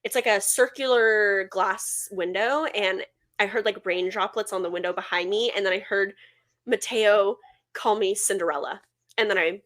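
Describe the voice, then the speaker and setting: A woman's voice: mid-range voice, normal speed, a bit bright. Casting note: young woman podcast co-host, casual and chatty, storytelling with constant filler words, mid-range voice. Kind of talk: casual chat.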